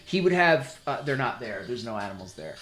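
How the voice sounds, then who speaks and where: A man's voice: mid-range voice, very animated, brisk, a bit bright. A man hosting a livestream in casual chat, rambling and stammering as he tells a story. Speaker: livestream host. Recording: roomy echo, faint music.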